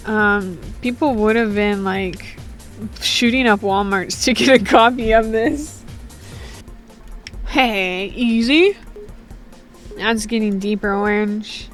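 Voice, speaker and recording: A woman's voice: medium pitch, takes it slowly, pauses often, faint music behind. A woman giving casual, joking, rambling commentary while playing a game, full of slang. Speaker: gaming streamer.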